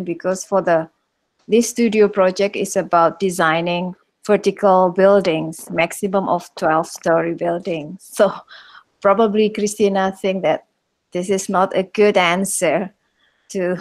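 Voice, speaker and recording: Woman moderating an online Q&A. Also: lowish voice. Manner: casual, chuckles between remarks. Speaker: lecture moderator. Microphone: video call.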